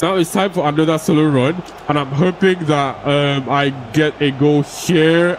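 A man's voice: on the high side, steady tone, normal speed, hardly any pauses, a little hiss or hum, rough recording. A young man giving casual, expletive-laden commentary over a football video game and ranting when the game frustrates him. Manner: swears freely, frustrated rants at the game. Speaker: gaming YouTuber.

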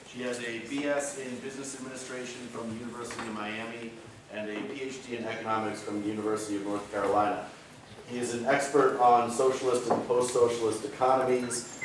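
A man introducing a guest speaker at a university event, formally reading out his credentials. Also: medium pitch. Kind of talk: read-out introduction. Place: lecture hall. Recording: distant mic in a very echoey hall, noisy.

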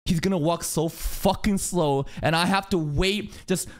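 A man's voice: high voice, measured pace. A man reacting to an anime episode in casual commentary, swearing freely and drifting into long rambling stories. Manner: profane, rambling tangents, animated storytelling.

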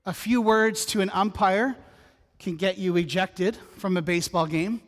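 Speaking unhurriedly in a high, steady voice, a middle-aged pastor delivers his sermon in the church sanctuary. Scripture, funny asides and a personal anecdote flow together conversationally, all carried by the room's long reverb.

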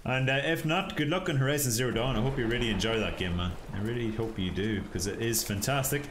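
A man's voice: medium pitch, fast, noisy background. A tired man streaming a game, joking and chatting casually with his viewers. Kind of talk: casual gameplay commentary.

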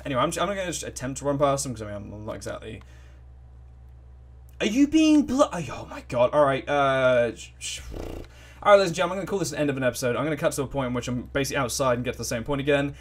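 A man giving excitable, rambling let's play commentary full of swearing and reactions to the game. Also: medium pitch, fast talker. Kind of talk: gaming commentary.

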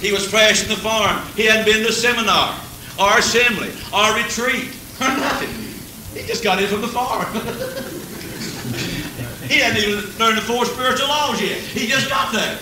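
A man's voice: sits high, normal speed. A man preaching a folksy revival sermon. He talks with humor, chuckles often, and builds to fervent peaks. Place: church service. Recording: old echoey church tape from a distance, faint hiss.

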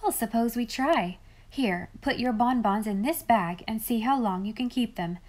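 A woman voicing a sly, kindly motherly woman who gently teases a child. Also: on the high side, normal speed, close to an everyday voice. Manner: gently teasing.

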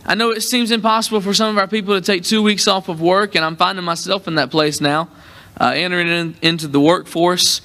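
A young man with a drawl preaching from the pulpit, trading jokes and folksy asides with his congregation. His voice sits a little high and rings bright and forceful. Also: fairly even intonation, brisk. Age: young adult. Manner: joking, folksy and warm with the congregation. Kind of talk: sermon at a church convention.

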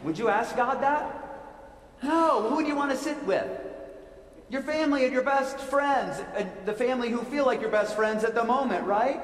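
A man's voice: very high-pitched, moderate pace. Guy doing a kids sermon in a big echoey church, playful, keeps asking questions. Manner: playful, asks the listeners many questions. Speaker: pastor. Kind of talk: children's sermon. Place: church sanctuary. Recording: echoey church hall with long reverb.

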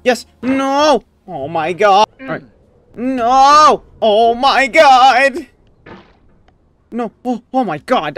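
A gaming YouTuber giving let's play commentary, raging and swinging between sudden yelps and low muttering. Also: animated, very slow, a bit bright, no room sound.

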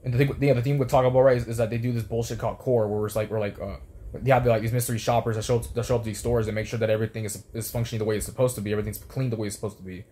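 Fast-talking young man venting. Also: mid-range voice, level tone, dark tone. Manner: rambling, heated, lots of restarts and swearing. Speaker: former fast food worker. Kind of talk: profane storytelling rant.

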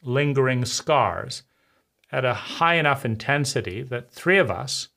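Man, personal testimony monologue; bitter, intense, halting delivery with restarts. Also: mid-range voice, expressive, creaky, sharp tone. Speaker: trauma survivor speaking to camera.

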